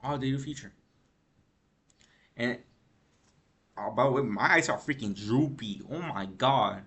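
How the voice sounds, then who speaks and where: A man's voice: mid-range voice, measured pace, fairly bright tone. A man vlogging gaming news in a rambling, slangy rant, tired from lack of sleep. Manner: rambling, slangy, frequent "bro" and "freaking". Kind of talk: casual ranting commentary.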